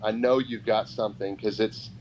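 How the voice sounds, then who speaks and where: A man's voice: fairly low pitch, normal speed. A man, a guest on a podcast, telling a story casually and acting out the other people in it. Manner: animated, acts out quoted voices. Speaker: podcast guest, pro wrestler. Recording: dull lo-fi podcast audio with faint noise.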